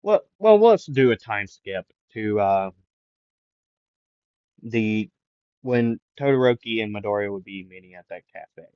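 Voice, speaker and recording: A man with a lowish voice and lively intonation improvises a fan story, speaking a little slowly with long pauses, many fillers and restarts. He holds back his volume because he's getting over a sore throat. The dull lo-fi mic sounds dry, with no echo.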